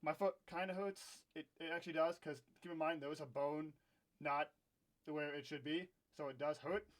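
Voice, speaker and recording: A young man with a notably high speaking voice tells a casual storytime vlog straight to his camera. He rants candidly and often pokes fun at himself. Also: steady tone, normal speed. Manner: candid, ranting, self-deprecating. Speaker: vlogger. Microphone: own camera.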